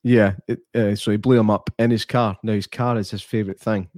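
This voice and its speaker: A man's voice: on the low side, steady tone, fairly quick, a little mellow, no echo, clean studio sound. A man co-hosting a podcast, telling film scenes in a wry, laid-back way. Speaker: podcast co-host. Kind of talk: casual film chat.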